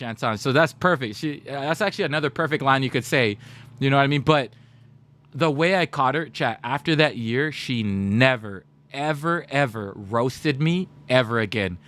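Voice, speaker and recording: A man in his thirties streaming, telling funny stories to his chat in a casual, animated way. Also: medium pitch, normal speed. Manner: animated, laughing, slips into put-on voices for quoted people.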